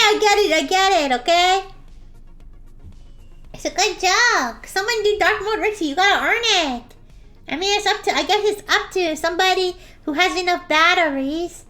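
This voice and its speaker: A woman's voice: very high voice, pushed and bright, exaggerated voice. A woman putting on the voice of a bubbly female slime creature with a voice changer, giggly and teasing.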